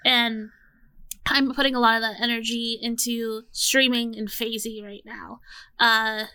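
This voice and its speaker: A woman in her late twenties co-hosts a podcast in casual chat. Her voice is bright and crisp, a little high, and recorded dry. She rambles and restarts her thoughts as she talks. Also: level tone, a little slow. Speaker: podcast co-host.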